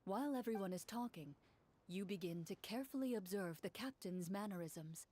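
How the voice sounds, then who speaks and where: A woman's voice: medium pitch, lively intonation, warm tone. Woman narrating as game master. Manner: measured, descriptive storytelling. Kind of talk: narrating a tabletop role-play.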